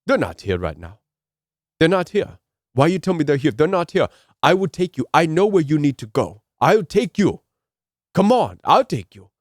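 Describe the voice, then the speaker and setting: A man's voice: on the high side, sing-song, moderate pace, no room sound, studio quality. A man putting on a Haitian accent to voice a pushy male airport driver who repeats his questions insistently.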